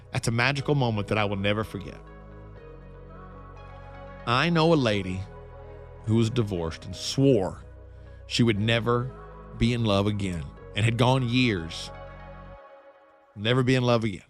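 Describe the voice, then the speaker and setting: Middle-aged radio host telling a story. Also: male voice, medium pitch. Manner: storytelling, animated and self-joking. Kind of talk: casual monologue.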